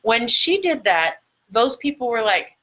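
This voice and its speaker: Her voice is a little high and unhurried, fairly bright, with big pitch swings. This middle-aged woman coaches viewers motivationally on a live video, drawing out important words, though the phone or camera mic gives poor audio.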